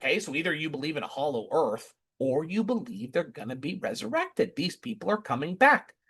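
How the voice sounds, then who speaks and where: A man's voice: fairly high pitch, very animated, a little fast, fairly bright tone, slightly rough. A man giving impassioned scripture commentary, emphatic and repeating rhetorical questions. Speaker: scripture teacher.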